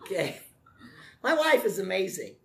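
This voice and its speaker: A middle-aged man preaching a sermon in a folksy way, with joking asides, slowing down to stress key words. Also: high-pitched, big pitch swings, creaky. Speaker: pastor.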